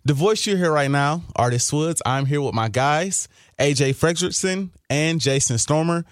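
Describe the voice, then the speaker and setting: A man hosting a sports talk podcast, energetic, hyping the show and keeping his co-hosts in order. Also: a little high, normal speed, no room sound, clean studio sound. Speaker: podcast host.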